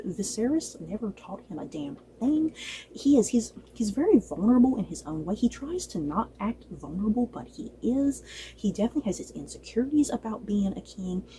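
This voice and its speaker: A woman casually reviewing a TV episode, chatty and animated, laughing often and acting out lines from the show. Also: mid-range voice, a little hiss or hum, poor audio. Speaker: book and TV reviewer.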